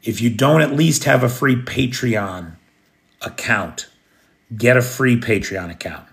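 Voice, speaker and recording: A man's voice: mid-range voice, unhurried, creaky, a bit bright. An American man hosting a late-night livestream, chatting casually and answering viewer comments in a rambling way. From United States. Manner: rambling, chatty, restarts and fillers. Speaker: livestream host. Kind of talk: casual live chat reading comments. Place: living in Kyiv, recording at home at night.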